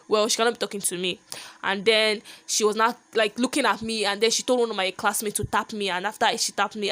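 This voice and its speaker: A young woman telling a personal story in a lively, animated vlog monologue. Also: medium pitch. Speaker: vlogger.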